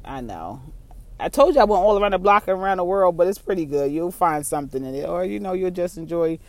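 A solo vlogger with a mixed Baltimore and New York accent, talking in a casual, rambling monologue. They are candid and profane, laugh often, and repeat phrases as they think out loud. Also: medium pitch, expressive, fast, no echo. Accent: Baltimore and New York blend.

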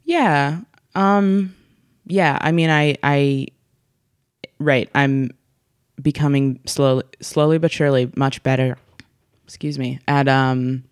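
A woman's voice: rumbling low, fairly even intonation, slow, pauses often, clean tone, dry recording, clean studio sound. Chatty young woman, lots of fillers. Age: 20s. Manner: chatty, filler-heavy, frequent restarts. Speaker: guest. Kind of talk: casual chat.

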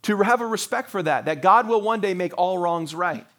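A middle-aged man preaches in a relaxed, conversational way, his voice sitting fairly high for a man. He keeps breaking into short acted-out quotes, then settles back into plain teaching. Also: normal speed. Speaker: pastor. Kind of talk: sermon.

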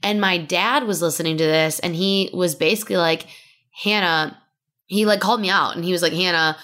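A woman's voice: lowish voice, fast, a bit bright. A young woman co-hosting a podcast, telling a personal story in a chatty way with lots of "like" fillers. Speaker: podcast co-host. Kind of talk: casual podcast chat.

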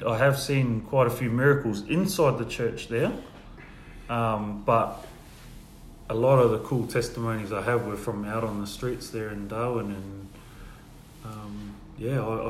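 A man's voice: on the low side, steady tone, a little slow. Man telling church stories in echoey room. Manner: storytelling, acts out quoted dialogue softly. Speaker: guest sharing testimonies. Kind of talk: casual church testimony chat. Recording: echoey room with faint ambient noise.

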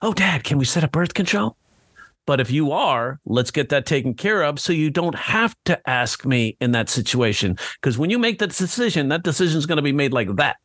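A man's voice: fairly high pitch, sing-song, normal speed, hardly any pauses, fairly bright tone, no room sound. A man co-hosting a casual podcast chat, rambling with lots of fillers and acting out quoted dialogue. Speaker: podcast co-host.

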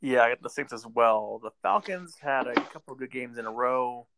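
A man's voice: mid-range voice, animated, moderate pace, gravelly. A man hosting a casual sports chat, making game picks in a chatty way with sarcastic asides. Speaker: podcast host making football picks.

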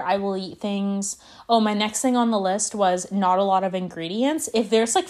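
A woman in her twenties talks through a casual solo podcast episode, meandering from thought to thought with plenty of fillers and self-corrections. Her voice sits at an ordinary middle pitch, and she leans into big, theatrical overstatements. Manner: rambling, chatty, full of "like" and restarts; dramatic, exaggerated declarations. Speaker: podcast host.

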